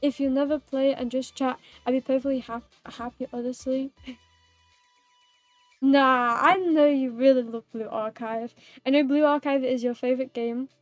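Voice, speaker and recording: A woman's voice: sits high, steady tone, moderate pace, dry recording. A woman streamer chatting casually with her viewers in a playful, giggly, rambling way, teasing them and herself.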